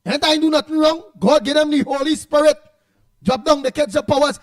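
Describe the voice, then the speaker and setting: A man's voice: extremely high pitch, steady tone, brisk. A Trinidadian man hosting a casual morning radio show, rambling and calling out listeners' names in greeting. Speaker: radio host.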